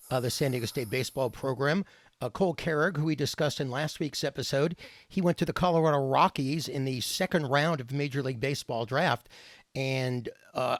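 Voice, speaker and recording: A man co-hosting a sports talk podcast, his voice a bit higher than most and full of gravelly fry. He reads through the news items and stats steadily, as if from a script, and the sound is dry and close. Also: dry recording. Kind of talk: casual sports chat and reading news items.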